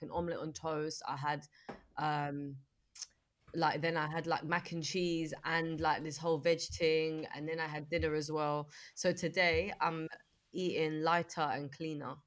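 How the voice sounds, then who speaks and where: A woman, co-hosting a podcast in casual, animated chat. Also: deep voice. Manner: animated, laughs easily. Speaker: podcast co-host. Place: remote call.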